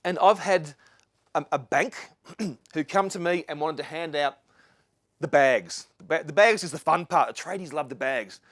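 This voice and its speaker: A man's voice: a little high, moderate pace, no room sound, studio quality. A middle-aged Australian man giving a live talk to an audience, earnest and rambling, with restarts and asides. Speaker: speaker. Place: lecture venue with live audience.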